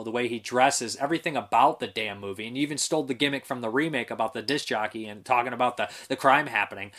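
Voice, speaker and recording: A man's voice: mid-range voice, fairly bright tone. Rambling, frank man reviewing movies. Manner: rambling, frank, swears, many fillers. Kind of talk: casual spoken review.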